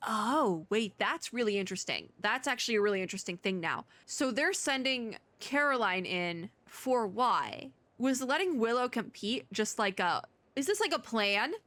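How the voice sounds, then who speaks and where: A bright, clear-toned woman narrating a game as a VTuber host, reading text aloud and rambling in easy commentary. Her pitch bounces widely as she thinks out loud. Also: expressive, moderate pace, hardly any pauses, no echo. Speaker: VTuber let's-play host. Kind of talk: casual gameplay commentary.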